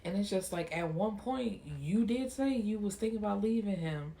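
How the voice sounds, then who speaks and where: A woman's voice: mid-range voice, lively intonation, normal speed, gravelly, dark tone. A young woman casually recapping and reviewing a TV episode in a slangy, chatty way, acting out the characters' lines as she goes.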